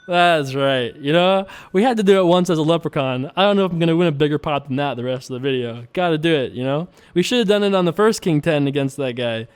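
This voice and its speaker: A man's voice: a little high, lively intonation, a little fast, clean tone. A young man hosting a poker video, chatting casually, laughing often and talking through his hands.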